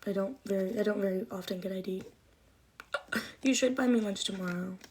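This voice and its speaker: A woman's voice: mid-range voice, a little fast, a little mellow, husky. A young woman chatting casually on a livestream, rambling, emotional and swearing often. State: cold, shivering.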